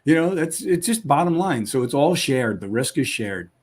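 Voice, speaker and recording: A man giving an enthusiastic sales pitch on a live webcast, talking in punchy lists over a video call. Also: sing-song, normal speed, breathy edge. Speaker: company founder pitching to sellers.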